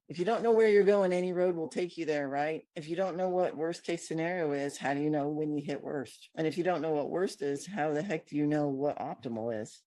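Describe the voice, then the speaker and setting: There's no room sound as a woman speaks in a low, dark voice, hosting and training on a computer mic. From Washington State with a Pacific Northwest American accent, she keeps the lesson casual, upbeat and prone to side tracks.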